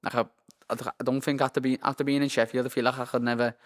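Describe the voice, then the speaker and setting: A young Liverpool-accented professional boxer chats as a guest in a casual interview, rambling, swearing and saying "lad" constantly. His mid-range voice barely moves in pitch and comes quickly, with long hall reverb on the recording.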